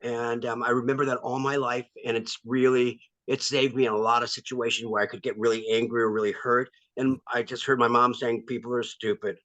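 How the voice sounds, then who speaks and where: A male actor as interview guest, talking candidly and pausing often with ums. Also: mid-range voice, flat delivery, a bit bright, no echo, low-quality recording. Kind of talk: casual interview.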